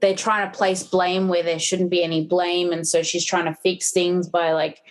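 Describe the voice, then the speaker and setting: A woman's voice: on the low side, level tone, moderate pace. A woman guest in casual podcast chat, retelling film plots with many fillers.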